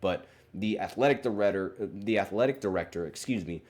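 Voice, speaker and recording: Deep-voiced man, casual solo sports podcast host, hesitant and rambling delivery. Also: fairly quick, a little mellow. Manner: rambling, hesitant, many fillers and self-corrections.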